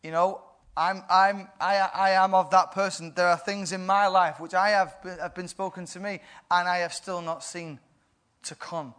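A man preaching a sermon in a playful way, often laughing and building to loud bursts. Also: sits high, steady tone, moderate pace, smooth.

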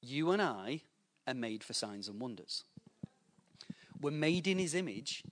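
A man's voice: medium pitch, unhurried. A man preaching a sermon to a church, telling anecdotes and acting out the voices in them. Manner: storytelling with lively voiced anecdotes. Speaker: pastor.

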